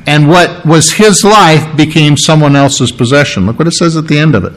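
A man's voice: on the high side, normal speed, fairly bright tone, rough recording. A man preaching a sermon, explaining scripture word by word in an earnest, teacherly way and repeating key phrases for emphasis. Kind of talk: sermon with Bible reading.

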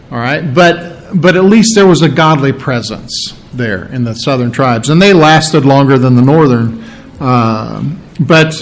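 A man's voice: fairly high pitch, rough recording. Man teaching scripture verse by verse. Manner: unhurried, with frequent fillers and restarts while explaining. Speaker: Bible teacher.

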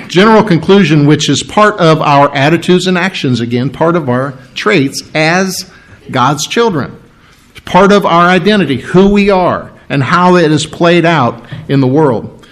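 A man preaching a sermon, with a halting delivery full of restarts and frequent throat clearing. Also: on the high side. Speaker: pastor.

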